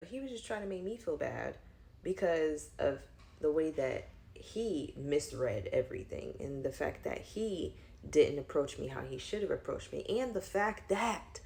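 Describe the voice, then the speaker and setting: A woman's voice: sits low, expressive, a little slow, creaky, darkish tone. A woman telling a personal story in a casual, rambling way, full of fillers, that flares into heated outbursts.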